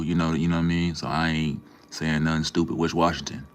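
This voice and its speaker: Very deep-voiced laid-back man. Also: level tone, fairly quick, hardly any pauses. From Minnesota, USA. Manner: laid-back, slangy, greets chatters by name. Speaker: livestream host. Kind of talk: casual livestream chat with viewers.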